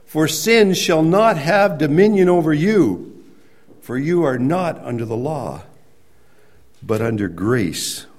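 A man preaching a sermon, explaining scripture in a conversational way and rising to emphatic, near-shouted points. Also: a little high, expressive, takes it slowly. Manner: conversational with restarts and everyday examples. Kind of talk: sermon teaching.

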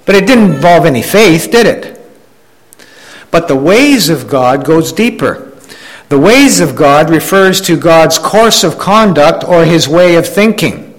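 A man with a slightly high voice preaches a sermon in an easygoing, conversational way. He talks it through with the congregation, often restarting his phrases. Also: animated, measured pace, low-quality recording. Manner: conversational preaching with frequent restarts and "you know"; acts out quoted complainers in a raised voice. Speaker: pastor.

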